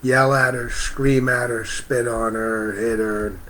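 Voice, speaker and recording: A man hosting a spiritual livestream outdoors, speaking gently and greeting viewers by name. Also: medium pitch, fairly even intonation, slight background noise, rough recording. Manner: slow, gentle, reads out viewer comments. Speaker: livestream host. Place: outdoors near a parking lot.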